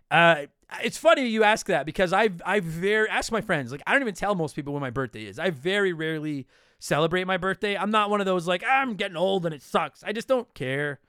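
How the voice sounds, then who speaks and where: A man's voice: on the high side, a bit bright, clear, resonant tone, dry recording, clean studio sound. A man in his thirties from Canada hosting a casual solo podcast, answering listener questions in a blunt, profane, joking way.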